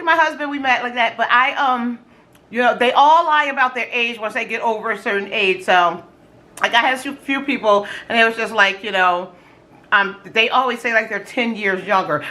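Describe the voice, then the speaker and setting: Middle-aged woman vlogging, high voice, slangy and animated, acting out what she said back then. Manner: animated, slangy, exclaiming and quoting herself. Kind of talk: casual storytelling during a food challenge.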